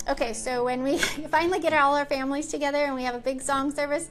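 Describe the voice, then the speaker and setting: A woman's voice: high voice, steady tone, quick pace, fairly bright tone. A woman hosting her own show from a small library room, talking casually and cheerfully with lots of ums and likes. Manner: chatty and upbeat with frequent ums and likes. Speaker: show host. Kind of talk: casual chat to a live-stream audience.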